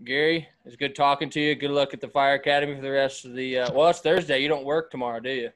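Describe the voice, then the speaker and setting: A man hosting a podcast, relaxed and easygoing as he wraps up and thanks his guests. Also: medium pitch, fast. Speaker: podcast host. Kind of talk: casual podcast chat.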